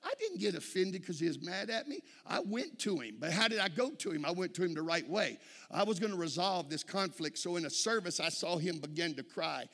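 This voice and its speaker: Preacher with a bright, forceful voice. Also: male voice, sits high, animated, fairly quick, long reverb tail. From Texas. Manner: folksy storytelling, frequent "amen?" calls to the congregation. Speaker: pastor. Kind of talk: sermon. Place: church.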